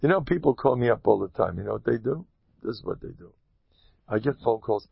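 A man tells a folksy parable with a moral, his voice gravelly and husky. His pitch swings in a lively way, and he drops Hebrew and Yiddish terms into his talk. The recording is dry and dull. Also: brisk, no echo. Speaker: storyteller giving moral advice.

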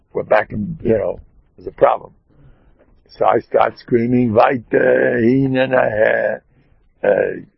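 Gravelly, husky-voiced rabbi telling a story. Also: male voice, fairly low pitch, no echo, muffled recording. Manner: animated storyteller, sprinkles in Hebrew and Yiddish terms. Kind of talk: storytelling talk.

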